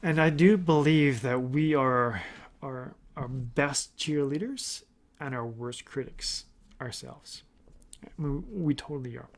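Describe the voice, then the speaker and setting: Slow and mid-range, a middle-aged podcast host talks earnestly on his laid-back motivational show. He wanders and starts over often, voicing his own inner thoughts aloud.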